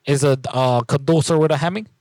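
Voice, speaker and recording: A man playing a prank caller with a made-up mix of foreign accents and broken English, asking halting, baffled questions. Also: fairly high pitch, a little mellow, no room sound, lightly acted. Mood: insistent.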